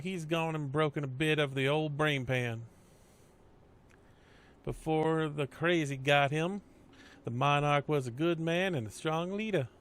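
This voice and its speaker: A man's voice: a little high, close to an everyday voice. A man voicing an old Southern woman who leads a carnival of mystics, with a folksy, drawling, cryptic manner and a Southern US accent.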